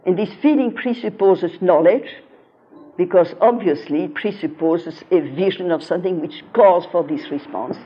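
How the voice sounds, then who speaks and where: An older woman with a fairly low, slightly rough voice delivers a philosophy lecture at a normal pace, weaving in anecdotes from her teaching. She stresses key words with earnest emphasis. The recording is dull and lo-fi.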